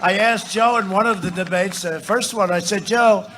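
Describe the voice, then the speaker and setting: A man addressing a rally, talking in repetitive, rambling runs with side remarks and sudden shouted lines into a podium microphone. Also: sits high, normal speed, noisy background. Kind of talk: rally speech. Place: large rally venue.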